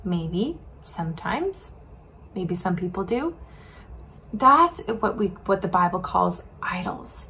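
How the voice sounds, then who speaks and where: A woman's voice: fairly low pitch, slow pace, gravelly, slight background noise. A woman teaching a children's sermon, telling a Bible story casually and asking the kids questions. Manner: animated, asks children questions; casual, says "like" often.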